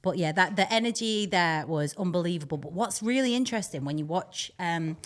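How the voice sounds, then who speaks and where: A young woman chats casually as a podcast co-host. She rambles, laughs often and speaks in a slightly low voice. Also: lively intonation, fairly quick. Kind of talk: casual chat.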